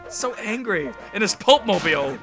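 A man giving casual, rambling commentary while playing a game, excitable and swearing freely. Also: high voice, moderate pace. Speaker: gameplay commentator. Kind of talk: casual let's-play commentary. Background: game music.

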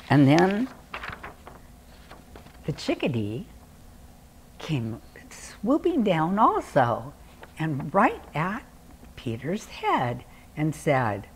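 A woman's voice: sits low, slow, pauses often, slightly rough. Older woman telling a children's story. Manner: expressive, animated storytelling.

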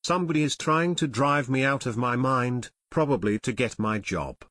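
A man voicing a nervous, haggard chief pilot who speaks in a hushed, quavering, pleading way. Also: mid-range voice, normal speed, no room sound, clean studio sound, close to an everyday voice. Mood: tense.

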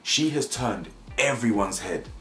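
Young man, low voice, slang-heavy opinionated recap, roomy echo. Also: measured pace, soft background music. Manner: animated slang-heavy banter, mocking impressions. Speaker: reality show reviewer.

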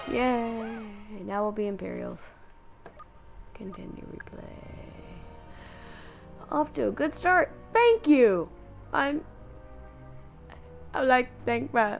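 Slow, gravelly woman chatting while gaming. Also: a little high, over loud music. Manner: playful, taunts enemies out loud. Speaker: gamer. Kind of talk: casual gameplay commentary.

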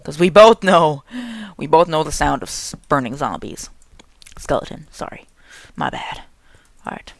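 A young man narrates his gameplay in an excitable, joking way, chatting to the monsters on screen as he goes. His voice has a gravelly, fry-heavy edge, and his pitch swings widely up and down. The delivery is loose, playful let's play commentary. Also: unhurried, long pauses, no echo. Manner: excitable, jokey, talks to game monsters. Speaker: gaming channel host.

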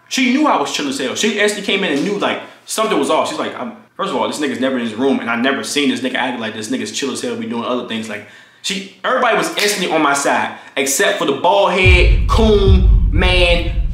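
A young man telling a storytime vlog story, animated and profane, acting out the quoted lines as he goes. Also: high voice. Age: young adult. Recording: echoey room.

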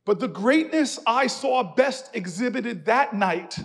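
A man giving a preacher-style keynote speech in a church, telling a story that builds to shouted, rhythmic refrains. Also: very high-pitched, animated, slow pace, gravelly, few pauses. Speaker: keynote speaker. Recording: reverberant church hall.

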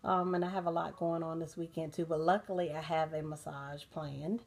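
A woman's voice: low voice, normal speed. Tired, chatty woman winding down at night. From United States. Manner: relaxed, chatty, laughing often, many fillers. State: sleepy and tired. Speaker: host of a bedtime talk channel. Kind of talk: casual bedtime chat to viewers. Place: dim bedroom at night, soundscapes playing.

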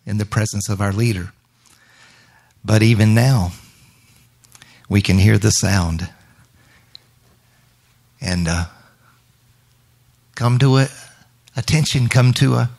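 Male minister, unhurried reflective sermon delivery, mid-pitched voice, quotes scripture. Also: gravelly. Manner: slow, reflective, scripture quoting. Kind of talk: spontaneous sermon during worship.

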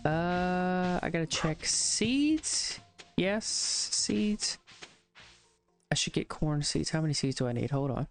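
A gaming streamer with a mid-range voice and lively intonation gives slow live-stream commentary over game music. They mutter to themselves, count out loud, and swear whenever something goes wrong.

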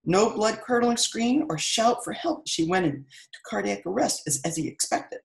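Middle-aged woman author, expressive read-aloud host, lively pitch. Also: moderate pace, creaky, low-quality recording. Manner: expressive, animated reading. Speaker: author reading her book aloud. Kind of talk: read-aloud storytelling and live-stream chat.

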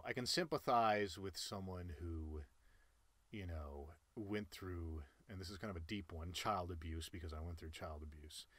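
A man in his late twenties talking earnestly and emphatically about life lessons, with sudden loud jumps in pitch. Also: dry recording. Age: late 20s. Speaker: cartoon channel creator. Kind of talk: personal life-lessons monologue.

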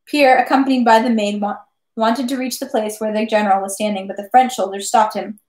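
Woman reading a novel aloud. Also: a little high. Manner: measured, steady narration with small restarts. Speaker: reader. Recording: echoey room.

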